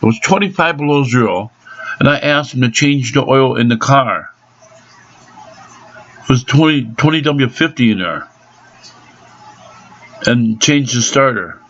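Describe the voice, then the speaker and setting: A man's voice: medium pitch, expressive, measured pace, long pauses, a bit bright. A man angrily ranting about a botched car repair, swearing heavily. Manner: angry, profane ranting. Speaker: angry car owner. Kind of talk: ranting vlog. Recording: dull lo-fi recording.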